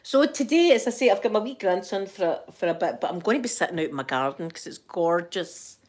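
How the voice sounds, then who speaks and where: A woman's voice: medium pitch, animated, brisk, a little mellow. An older Scottish woman talking straight to camera from her home. She rambles happily in a mid-height voice and breaks into laughter often. Her tone stays homely and affectionate toward her viewers. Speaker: vlogger. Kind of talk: casual chat to camera.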